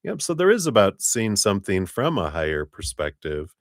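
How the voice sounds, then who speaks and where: A man reading tarot cards on a live stream, talking in a relaxed, meandering way with many fillers and now and then raising his voice to act out spirit voices. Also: moderate pace, no echo, studio quality. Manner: acts out spirit voices in a raised pitch, laughs often. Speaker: tarot reader.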